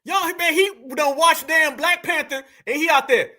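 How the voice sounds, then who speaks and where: A man hosting a show, giving animated, incredulous and profane slang-heavy commentary on video clips. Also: very high voice, moderate pace, hardly any pauses. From United States. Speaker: show host.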